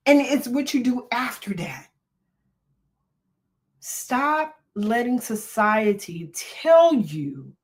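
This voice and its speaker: A woman's voice: mid-range voice, animated, takes it slowly. An older woman hosting a talk about mental health, speaking earnestly and preaching a little, with frequent "um"s and restarts. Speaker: podcast host and therapist. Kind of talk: unscripted motivational talk.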